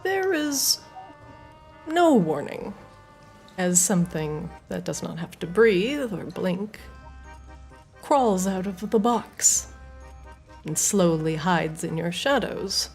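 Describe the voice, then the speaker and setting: Woman, dungeon master, suspenseful narrator, animated pitch, soft music bed. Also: takes it slowly, vocal fry, long pauses. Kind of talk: narrating a tabletop game.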